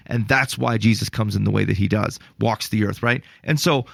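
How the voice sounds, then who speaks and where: A man co-hosting a casual faith podcast, telling stories in an animated, exasperated way with lots of restarts. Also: fairly low pitch, normal speed, creaky, hardly any pauses, dry recording. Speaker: podcast co-host.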